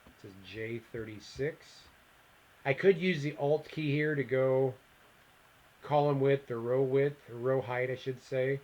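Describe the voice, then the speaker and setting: A man teaching a software lesson on a screen recording. He thinks aloud, reads out the steps and mutters asides to himself as he clicks through them. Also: medium pitch, a little slow, lo-fi sound. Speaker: instructor.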